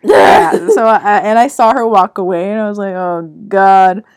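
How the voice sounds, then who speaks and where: A woman's voice: mid-range voice, normal speed, darkish tone. A young woman, co-hosting a casual podcast chat and rambling through stories while acting out the people in them. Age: young adult. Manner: rambling storyteller, acts out quoted voices. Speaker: podcast co-host.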